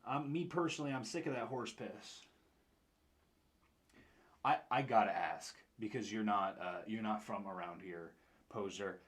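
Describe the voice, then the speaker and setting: A man's voice: fairly low pitch, a little slow, long pauses. A young man with an upstate New York accent, chatting casually on a stream and answering his chat in a rambling way. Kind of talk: casual chat while painting miniatures.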